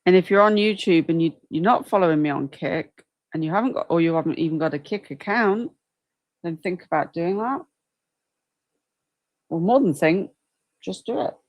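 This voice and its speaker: A woman's voice: lowish voice, animated, moderate pace, pauses often, no room sound, highs cut off. A woman hosting a casual livestream, chatting and reacting aloud to viewer comments at her desk mic. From United Kingdom. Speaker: livestream host.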